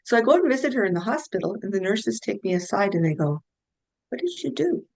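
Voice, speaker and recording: A woman's voice: medium pitch, expressive, fast, darkish tone, dry recording, poor audio. A middle-aged woman, a guest health practitioner, telling case stories in an earnest, anecdotal way and restarting her sentences often. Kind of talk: conversational interview storytelling.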